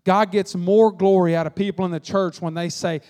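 Folksy pastor preaching in a hall. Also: male voice, high voice, moderate pace. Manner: folksy, animated preaching with acted-out quotes. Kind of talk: sermon. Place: church sanctuary. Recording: long reverb of a church hall.

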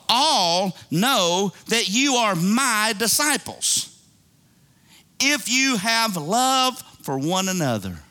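Male preacher, bright and slightly high-pitched, folksy sermon with call-and-response. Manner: preaching with call-and-response and playful asides, acting out prayers; folksy colloquial speech. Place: church sanctuary.

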